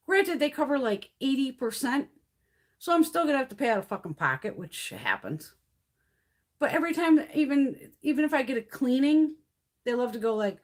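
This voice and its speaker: A woman's voice: a little high, wildly swooping pitch, brisk. A middle-aged woman hosting a beauty livestream, telling a heated story full of swearing and acting out her own replies. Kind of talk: casual livestream chit-chat.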